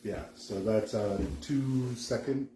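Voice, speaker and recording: A man's voice: fairly low pitch, slow, echoey room, noisy background. A man co-hosting a live balloon tutorial, chiming in with brief helpful remarks.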